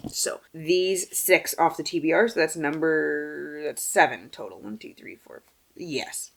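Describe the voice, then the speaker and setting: A young woman chatting casually about books she has read, animated and swearing freely, dropping to a mumble and then bursting into loud exclaims. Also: sits low, unhurried, vocal fry. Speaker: book vlogger. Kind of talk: casual book wrap-up chat.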